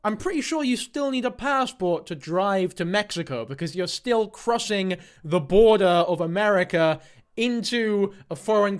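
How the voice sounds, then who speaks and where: A British man with a fairly high voice talks through clips in a casual commentary style. He is sarcastic and mocking and swears freely. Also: smooth. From Britain. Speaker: reaction commentator.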